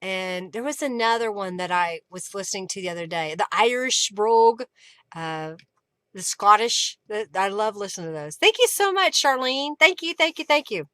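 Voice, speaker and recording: Bright-voiced Oklahoma woman chatting live. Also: medium pitch, lively intonation, moderate pace, smooth, dry recording. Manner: chatty, greets and thanks viewers by name, laughs often. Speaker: craft livestream host. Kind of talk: casual live-stream chat.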